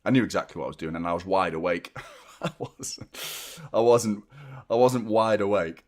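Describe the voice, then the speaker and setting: A man in his 30s hosts a football watchalong stream, chatting casually with plenty of self-mockery and free swearing. His voice is fairly low and steady, at a normal speed.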